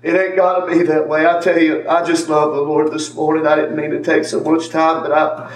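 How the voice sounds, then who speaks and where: A man's voice: on the high side, flat delivery, brisk, a little hiss or hum. A man giving an earnest church testimony, repeating phrases and calling on members of the congregation by name. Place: church sanctuary. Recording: echoey church from far off with faint ambience.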